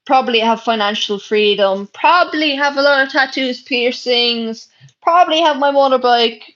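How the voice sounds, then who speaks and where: A woman's voice: high-pitched, moderate pace, fairly bright tone. Blunt sweary Irish woman livestreaming. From Ireland. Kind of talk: casual livestream chat reading comments. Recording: dull lo-fi stream audio.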